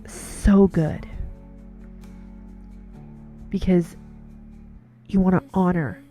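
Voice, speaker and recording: Earnest lower-voiced woman over soft music. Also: fairly even intonation, drawn-out words. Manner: earnest, storytelling, repeats words. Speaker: Christian wife giving devotional talk. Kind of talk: casual devotional monologue.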